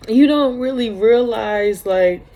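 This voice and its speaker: Woman in her 30s, slow gravelly voice, tearful storytime vlog, keeps repeating herself. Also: fairly high pitch, dark tone. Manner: tearful, halting, repeats phrases. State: crying at times. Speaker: vlogger.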